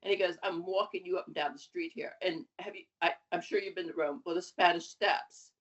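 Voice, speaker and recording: A woman in her seventies, a guest on an interview podcast, telling her story in a lively, animated way. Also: fairly low pitch, fairly quick. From USA. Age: 70s. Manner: lively, animated storytelling with laughs and acted quotes. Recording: dull lo-fi audio.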